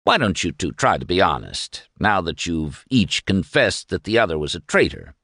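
A man voicing a bullying male guard officer of about thirty who jeers and shouts. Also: medium pitch, huge pitch swings, normal speed, no room sound, clean studio sound, pitched above the performer's own voice. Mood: mocking.

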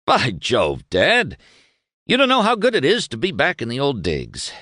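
A man's voice: mid-range voice, huge pitch swings, unhurried, pushed and bright, no room sound, clean studio sound, pitched above the performer's own voice, exaggerated voice. A man voicing a pompous, overly cordial young male lawyer with stiff, formal, senatorial speech in an audiobook reading.

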